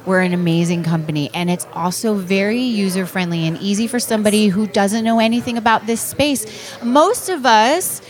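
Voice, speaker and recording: A middle-aged woman chatting on a podcast panel and enthusiastically talking up a project in a pitch-like way. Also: moderate pace. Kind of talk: casual chat.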